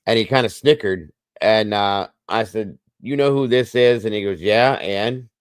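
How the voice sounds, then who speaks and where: In a casual monologue, a middle-aged podcast host wanders bluntly through a long story about himself, often saying things twice. The fairly low, resonant voice moves at a moderate pace and sounds clear, without echo.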